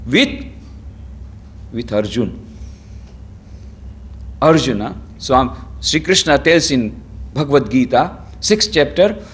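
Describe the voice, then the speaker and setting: A man giving a spiritual lecture as a swami, animated, acting out quotes and chanting Sanskrit verses. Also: mid-range voice. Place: lecture hall.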